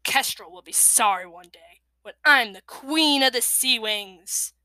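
A woman voicing a bossy, bubbly young female sea dragon with bright exclamations. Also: fairly high pitch, expressive, measured pace, no echo.

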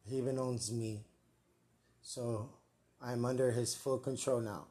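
A man's voice: medium pitch, steady tone, measured pace, mellow. A man hosting a live comedic podcast, rambling, joking and swearing at himself. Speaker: podcast host. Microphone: earpiece and mic, live stream.

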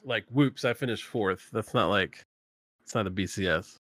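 A man in a casual chat, opinionated and quick to laugh. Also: fairly low pitch, fairly bright tone, dry recording, studio quality. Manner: chatty, opinionated, laughs often.

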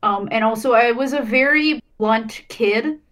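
A woman's voice: a little high, measured pace, fairly bright tone. A young woman in casual podcast chat, telling a story hesitantly with many ums.

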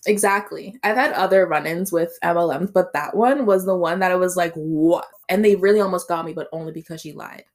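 A young adult woman co-hosting a podcast, telling a story in a lively, profane way with bursts of laughter. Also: lowish voice, fast talker, few pauses. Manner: animated storytelling with swearing and laughter. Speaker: podcast co-host. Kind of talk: casual chat.

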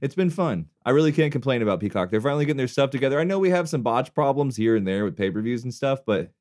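A man co-hosting a podcast in relaxed, casual chat, often tacking "bro" onto his sentences and trailing off quietly. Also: mid-range voice, quick pace. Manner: laid-back, says "bro" a lot, drops to a mumble at times. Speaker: podcast co-host.

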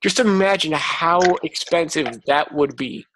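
A man's voice: a little high, measured pace, noisy background. A man co-hosting a podcast in casual chat, joking and ranting with lots of "like". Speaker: podcast co-host.

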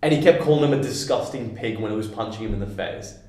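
A man's voice: lowish voice, quick pace. A young man, co-hosting a podcast, chatting casually with friends and acting out the voices in his stories. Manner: animated storyteller, acts out quoted voices. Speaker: podcast co-host. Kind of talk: casual chat among friends. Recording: very echoey room.

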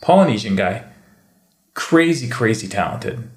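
A man chatting casually and telling animated stories, sometimes slipping into mimicked accents. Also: mid-range voice, unhurried. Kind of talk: casual chat. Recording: echoey room.

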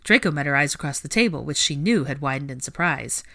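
A woman reading a storybook chapter aloud with a low voice. Her narration is calm and even, with a steady pace from line to line. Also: fast, creaky. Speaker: audiobook reader.

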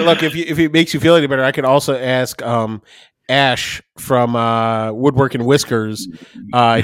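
Male co-host, casual and rambling, medium pitch, dry close sound, recording from his desk. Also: no room sound. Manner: rambling, restless, swears casually. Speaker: podcast co-host. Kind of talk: casual chat.

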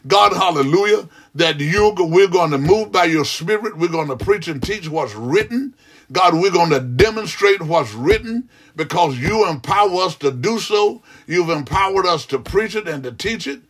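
A man's voice: high voice, lively intonation, normal speed, a bit bright. A man praying aloud as a pastor, fervent and rhythmic, with frequent "hallelujah" interjections. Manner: repetitive, rhythmic preaching cadence. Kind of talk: extemporaneous prayer.

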